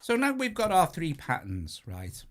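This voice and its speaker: A man's voice: on the high side, wildly swooping pitch, a little slow, over music. A man with a British accent hosting a hands-on synthesizer tutorial, talking casually and correcting himself as he presses buttons. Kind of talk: hands-on gear walkthrough. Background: synthesizer sequences playing.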